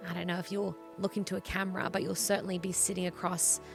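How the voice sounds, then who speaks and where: A woman's voice: fairly low pitch, little pitch movement, fast talker, creaky, music in the background. A woman with an Australian accent, a guest on a faith TV show, speaking earnestly and encouragingly about her testimony.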